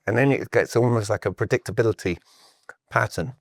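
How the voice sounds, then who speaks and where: A middle-aged man with a British accent talks as a guest on a podcast, with a somewhat low voice. He tells his stories with animation and acts out the people in them. The sound is close and dry, with no room echo. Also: fairly quick, gravelly. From Britain. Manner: animated storyteller who acts out quoted exchanges. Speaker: sales coach and guest. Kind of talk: casual podcast conversation.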